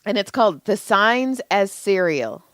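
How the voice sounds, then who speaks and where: A woman's voice: mid-range voice, a little slow, dry recording. A woman co-hosting a podcast, telling stories in casual chat and laughing often. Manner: laughing, storytelling, animated. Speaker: podcast co-host.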